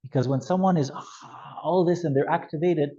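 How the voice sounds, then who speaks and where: A man teaching a youth ministry class, animated and acting out scenarios with changes in his voice. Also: a little high, moderate pace, dull audio. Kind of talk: classroom lecture with role-play examples.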